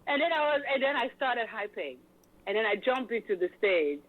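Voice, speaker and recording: A woman event host telling stories in an animated, hyped way, full of fillers, in a casual interview. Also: on the high side, brisk, a loud crowd. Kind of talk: lively interview chat. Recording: tinny phone-like line.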